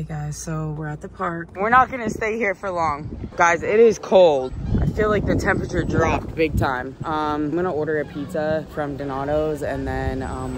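A woman's voice: sits low, noisy background. A woman vlogging from inside a parked car, talking casually and rambling with fillers. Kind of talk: casual vlog chat.

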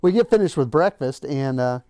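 A man's voice: mid-range voice, lively intonation, normal speed, warm tone, no echo, studio quality. A man hosting his own channel, casually telling a personal story and acting out the lines of the people in it. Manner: conversational, acts out quoted lines. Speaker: channel host.

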